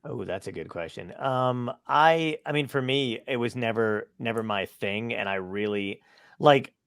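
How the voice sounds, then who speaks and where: A man and podcast guest telling casual stories, swearing and animated as he tells them. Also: mid-range voice, unhurried, gravelly, clean tone, no room sound, clean studio sound. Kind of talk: casual storytelling.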